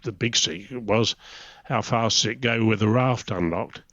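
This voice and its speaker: Low-voiced old Englishman telling stories. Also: normal speed, fairly bright tone, dry recording. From England. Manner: chatty anecdotal storytelling, chuckling. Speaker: guest, retired naval officer. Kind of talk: casual reminiscing interview. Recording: dry, slightly dull recording.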